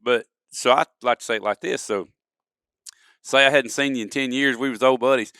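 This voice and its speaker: A duck-calling expert appears as a podcast guest, speaking briskly in a steady, medium-pitched voice that's bright, forceful, clear and resonant. The clean studio podcast mic picks up no room sound as he casually tells folksy stories and acts out examples.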